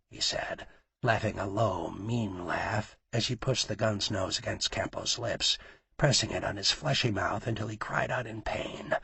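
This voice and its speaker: A man narrating an audiobook with a raspy, gravelly voice. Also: on the low side, moderate pace, pushed and bright, no room sound.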